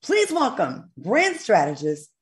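A woman in her forties hosting a casual talk show, lively and chatty, laughing easily. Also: mid-range voice, slow pace. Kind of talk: casual chat.

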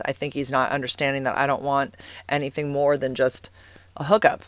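A woman's voice: rumbling low, level tone, brisk, fairly bright tone, dry recording. A woman in her forties from California, chatting casually to camera as a vlogger in a rambling way, full of fillers and "like"s. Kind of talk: casual personal storytelling.

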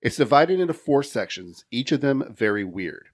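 A male podcast host working through his notes in casual chat, laughing between the lines. His voice sits at a middling pitch. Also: big pitch swings, normal speed. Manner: reads research aloud, laughs between lines.

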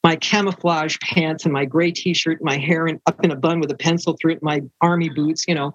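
A woman's voice: low voice, brisk, no room sound, lo-fi sound. An older woman, a romance author, telling stories in an interview and acting out the voices of the people she quotes. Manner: animated, acts out quoted voices. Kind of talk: storytelling interview.

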